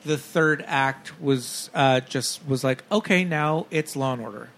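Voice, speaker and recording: A man's voice: medium pitch, a little slow, a bit bright. A man co-hosting a podcast in casual chat, giggly and chatty with lots of fillers. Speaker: podcast co-host.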